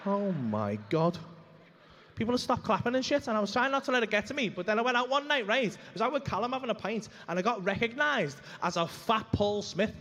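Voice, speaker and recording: Man, stand-up comedian, high-pitched voice, brash, sweary, rambling. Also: lively intonation, fairly quick, fairly bright tone, a little hiss or hum. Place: comedy club stage.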